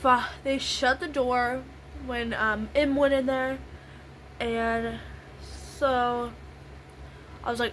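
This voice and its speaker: A woman's voice: fairly high pitch, fairly even intonation, slow pace, a bit bright, slight background noise, rough recording. A young woman vlogger telling a long story in a rambling, casual way while doing her makeup, repeating the same little phrases. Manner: rambling, repeats "literally" and "I was like".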